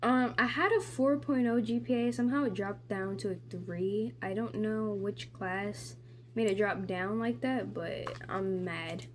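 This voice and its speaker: A woman's voice: mid-range voice, fairly even intonation, unhurried, slight background noise. A teenage girl vlogging while doing her makeup at home, telling a story in a rambling, profane way full of "like" and rants. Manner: rambling, profane, heavy use of "like"; indignant ranting. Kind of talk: casual get-ready-with-me storytime.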